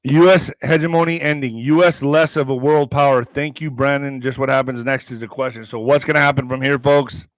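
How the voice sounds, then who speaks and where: A man's voice: mid-range voice, steady tone, brisk, hardly any pauses, dry recording. A man hosting a political commentary stream, reading headlines aloud and breaking into heated, profane, sarcastic asides. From Mexican heritage.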